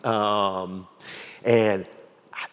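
A middle-aged man preaching a sermon in a conversational style, with soft asides and emphatic repetition. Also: lowish voice, fairly even intonation, drawn-out words, clear, resonant tone, in a large hall. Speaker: pastor.

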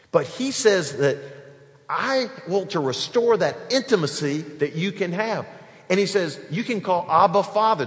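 Guy preaching in a big church, kinda high voice, long echo off the walls, acts out the kids' voices. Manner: animated preaching, acts out little voices of children. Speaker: pastor. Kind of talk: sermon. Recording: long reverb of a large hall.

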